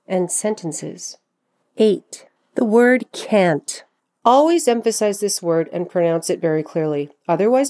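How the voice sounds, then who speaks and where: A woman giving a scripted pronunciation lesson, slowing down to model words clearly. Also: lowish voice, warm tone. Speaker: pronunciation teacher. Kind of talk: scripted instructional narration.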